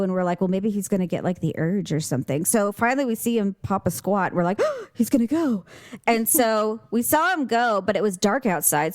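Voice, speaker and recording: A woman's voice: mid-range voice, clear, resonant tone, no echo, clean studio sound. A woman co-hosting a podcast, chatting casually and acting out the people in her stories as she tells them. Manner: animated storytelling with acted-out quotes and laughs. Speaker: podcast co-host. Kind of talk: casual chat.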